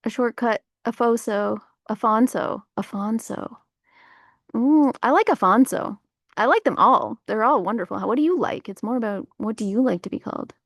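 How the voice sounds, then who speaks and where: A woman's voice: fairly high pitch, expressive, brisk, fairly bright tone, dry recording, clean studio sound. A woman hosting a casual livestream outdoors, rambling through spiritual musings with lots of fillers. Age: adult parent. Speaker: livestream host. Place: outdoors on a warm day.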